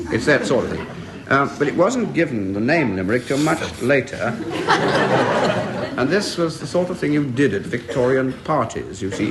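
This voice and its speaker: Male quiz host reciting verse with relish, a faint old broadcast hiss behind him. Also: mid-range voice. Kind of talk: radio panel show hosting, reading verse aloud. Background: studio audience laughter.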